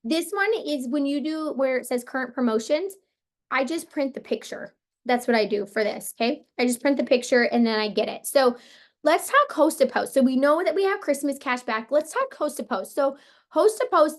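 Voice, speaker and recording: A woman with a hoarse, partly lost voice, coaching her sales team on a motivational call in a casual, upbeat way, full of "like" and "you guys". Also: sits high, animated, moderate pace. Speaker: team leader coaching sellers.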